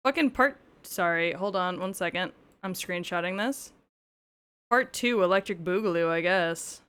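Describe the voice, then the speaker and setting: A woman's voice: fairly low pitch, moderate pace, a bit bright, clear, resonant tone. A woman streaming gameplay, chatting casually with frequent swearing and joking asides.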